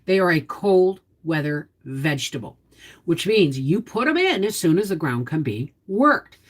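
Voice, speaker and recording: Lively folksy woman hosting a livestream. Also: fairly low pitch, measured pace. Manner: chatty, explains cooking and gardening while answering viewers' comments; folksy, down-to-earth. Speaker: homestead channel host. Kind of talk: casual livestream chat.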